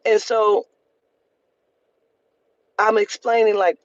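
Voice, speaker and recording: A woman's voice: a little high, moderate pace, no room sound, muffled recording. A woman vlogger telling an emotional story in a heated, profane rant, repeating lines for emphasis.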